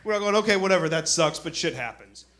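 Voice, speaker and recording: A man performing a stand-up comedy set on a club stage, telling a story in an animated way and acting out other people's voices. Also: fairly high pitch, quick pace. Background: audience laughter.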